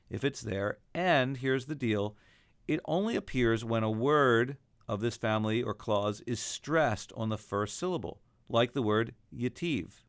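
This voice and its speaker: A man teaching a recorded lesson, explaining calmly and then chanting the examples himself. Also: lowish voice, smooth, no echo, studio quality. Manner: alternates plain explanation with chanting. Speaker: cantillation teacher.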